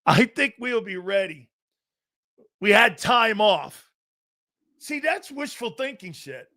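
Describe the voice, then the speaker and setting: A brash male sports talk host, high-pitched with a bright, edgy voice, fires off blunt, profane takes live on air. He's very animated but slow, cutting down players and coaches with mockery.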